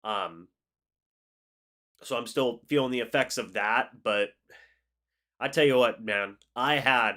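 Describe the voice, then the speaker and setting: His medium-pitched voice sounds pushed and bright. The young man, nasal after the flu, casually hosts a sports livestream, chatting easily and voicing viewer comments as he responds.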